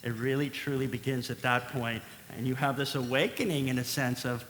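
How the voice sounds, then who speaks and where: Animated man telling a comic story in a hall. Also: mid-range voice, normal speed, hardly any pauses. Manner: animated, playful, acts out dialogue. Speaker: speaker and singer at an event. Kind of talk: comic personal storytelling to a live audience. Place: large event hall. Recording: echoey hall with faint noise.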